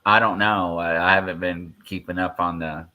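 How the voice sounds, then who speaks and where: A man's voice: deep voice, steady tone, normal speed, sharp tone. A man hosting a casual live podcast, reading listener questions and teasing his co-hosts with a playful, laughing manner.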